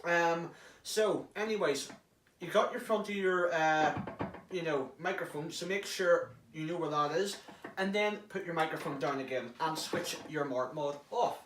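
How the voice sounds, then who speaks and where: Man explaining a hobby technique, chatty, jokey, a bit foul-mouthed, higher voice, echoey from far off the mic. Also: unhurried, a bit bright, slight background noise. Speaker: prop hobbyist. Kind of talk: casual how-to demonstration. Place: inside an enclosed prop casing.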